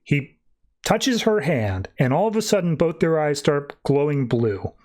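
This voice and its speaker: A man's voice: fairly high pitch, lively intonation, measured pace, darkish tone. A man hosting a podcast, casually retelling a comic book plot in a chatty way and often saying "like". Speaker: podcast host.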